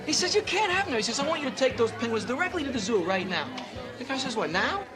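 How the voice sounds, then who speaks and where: Party joker, high voice, very animated, loud music and crowd all around. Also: male voice, quick pace. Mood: joking. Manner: joke-telling, animated, laughing. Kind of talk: film dialogue.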